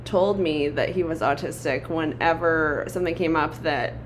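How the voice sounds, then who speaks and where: A woman's voice: deep voice, normal speed, slight background noise. A woman hosting a casual podcast chat, giggly and teasing. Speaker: podcast host.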